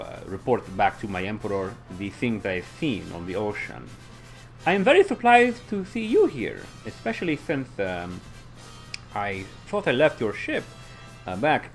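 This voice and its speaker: A man voicing a proud female warrior envoy who speaks in a formal, measured way with some hesitations. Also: medium pitch.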